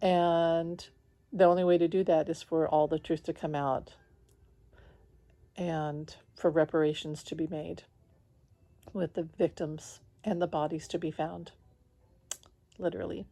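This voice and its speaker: A woman with a low, mellow voice tells a story to her followers in a loose, rambling vlog. She leans hard on fillers and breaks into short laughs between her thoughts. She talks lying down at home. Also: flat delivery, measured pace, gravelly, long pauses. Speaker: spiritual vlogger. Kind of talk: casual confessional vlog.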